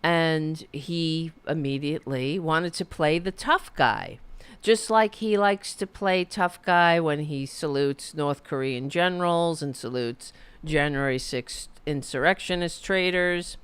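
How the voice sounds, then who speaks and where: A woman's voice: deep voice, slow, fairly bright tone, clean tone, dry recording. A middle-aged woman hosting a live political stream, ranting in a heated, profane, rambling way with frequent restarts. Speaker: political commentary host.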